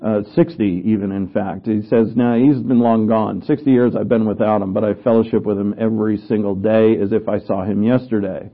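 A man's voice: lowish voice, steady tone, brisk, hardly any pauses. A man preaching a conversational Bible lesson, with offhand asides and frequent restarts as he explains scripture. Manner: conversational teaching, with asides and self-corrections. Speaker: pastor teaching a Bible study. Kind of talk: sermon. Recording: tinny phone-like sound.

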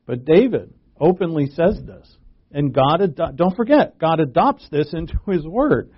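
A man preaching a sermon in a conversational way, growing animated when he acts out quotes. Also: fairly high pitch, a little slow, husky. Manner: conversational, animated when quoting, asides and chuckles. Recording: dull lo-fi recording.

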